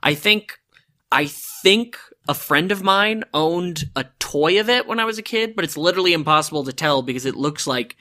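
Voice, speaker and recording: A woman in a casual podcast chat, adding quick, chatty asides. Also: deep voice, animated, pushed and bright.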